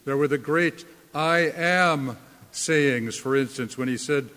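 A man preaching a sermon in a slow, deliberate way, leaning hard on key words. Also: mid-range voice, fairly bright tone. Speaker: pastor. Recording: long reverb of a hall.

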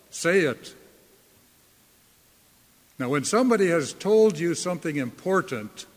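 A man preaching a sermon as a pastor, slow and deliberate, leaning hard on key words. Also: mid-range voice, big-room sound.

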